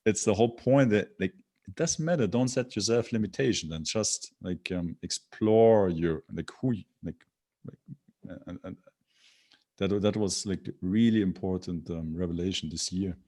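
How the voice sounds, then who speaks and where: Low-voiced man, halting and full of fillers. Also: mellow. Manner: halting, many fillers and restarts. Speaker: podcast guest. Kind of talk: casual interview chat.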